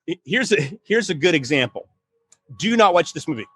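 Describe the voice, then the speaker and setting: Animated, higher-pitched man telling stories. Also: normal speed, slightly rough. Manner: animated, laughing storyteller, many restarts. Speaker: podcast host, writing coach. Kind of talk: casual chat.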